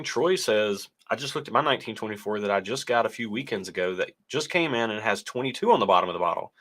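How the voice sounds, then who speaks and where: A young adult man co-hosting a laid-back whiskey tasting livestream speaks in a low-ish, pushed, bright voice and sounds stuffy-nosed. He reads the chat aloud and rambles, laughing easily.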